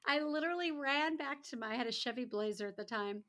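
A woman in her sixties tells stories as a podcast guest, her voice a little high. She talks casually and animatedly, slipping into the voices of the people she quotes. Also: quick pace. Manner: animated, acts out other people's lines. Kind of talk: casual storytelling.

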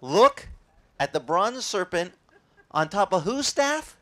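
Male pastor, sermon, conversational, animated, quizzing listeners. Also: sits high, takes it slowly. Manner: lively, conversational, quizzing the audience.

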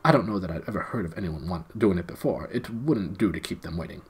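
A man voicing a polite, helpful young male fawn in a storybook, with a gentle courteous manner. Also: low-pitched, lively intonation, fast, husky, exaggerated voice.

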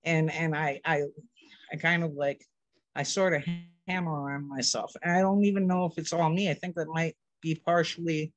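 Halting, tearful man sharing a testimony. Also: on the high side, fairly even intonation, no room sound, lo-fi sound, faint music behind. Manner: halting, many restarts, tearful. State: weepy. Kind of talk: emotional personal sharing.

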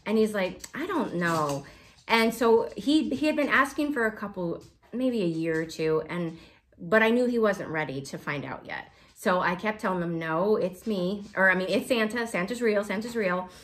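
A woman's voice: mid-range voice, expressive, moderate pace. A woman in her thirties hosting a casual cross-stitch vlog, talking to her viewers in a chatty, rambling way with frequent laughs. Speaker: Flosstube cross-stitch vlogger.

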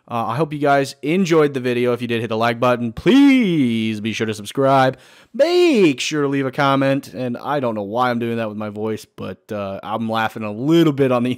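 A man's voice: on the low side, no echo, studio quality. A young man giving casual, swear-filled commentary while playing a video game, chatting to himself and the screen. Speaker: gaming channel host.

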